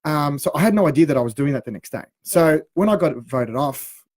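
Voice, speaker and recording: A man, a radio co-host in his thirties, telling an anecdote. He talks in a casual, animated way and laughs along at his own story. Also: a little high, brisk, no room sound, studio quality.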